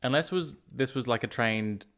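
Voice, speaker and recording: A man's voice: mid-range voice, normal speed, a bit bright. A man co-hosting a casual film-review chat, making dry, sarcastic remarks. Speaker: podcast co-host reviewing films.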